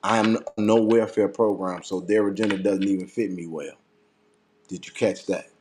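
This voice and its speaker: A man's voice: sits low, fairly even intonation, normal speed, darkish tone, a little hiss or hum. Fired-up, profane man ranting. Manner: heated, profane, repeats himself for emphasis. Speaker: political commentator. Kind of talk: impassioned political rant.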